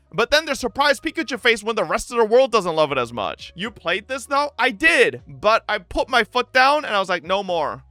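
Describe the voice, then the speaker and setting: A man streaming live, ranting to his chat in an excitable, profane, animated way. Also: very high voice, no room sound. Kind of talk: livestream rant to chat.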